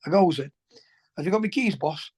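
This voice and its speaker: A man, a former footballer telling colloquial, animated anecdotes as an interview guest. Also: fairly high pitch, fairly quick, husky. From England. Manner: animated, colloquial, swears, restarts sentences. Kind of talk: anecdotal storytelling.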